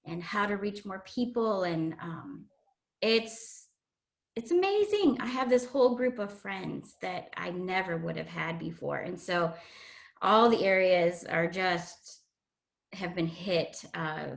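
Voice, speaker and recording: Earnest woman telling a personal story. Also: medium pitch. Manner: earnest, emotional, halting with fillers. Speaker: guest sharing a testimony. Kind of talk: personal testimony.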